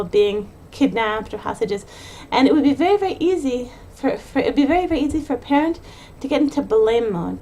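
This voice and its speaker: A woman's voice: fairly high pitch, darkish tone, slight background noise. A woman hosting a pep talk for mothers, speaking earnestly off the cuff and often restarting her phrases. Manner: earnest, repeats and restarts phrases, rushes in bursts. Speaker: podcast host giving a pep talk to mothers. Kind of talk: unscripted monologue.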